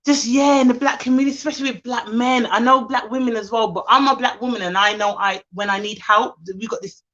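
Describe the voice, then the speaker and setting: A woman's voice: fairly high pitch, fairly even intonation, fast talker, a bit bright, highs cut off. A woman hosting a live stream, talking candidly and from the heart to her viewers and reading out their comments. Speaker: livestream host. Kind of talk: casual live chat to viewers.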